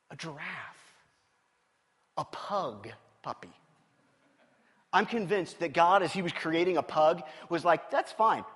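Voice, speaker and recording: A male pastor preaching a sermon, animated and playful, telling stories and asking the congregation questions. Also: very high-pitched, husky. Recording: long reverb of a large hall.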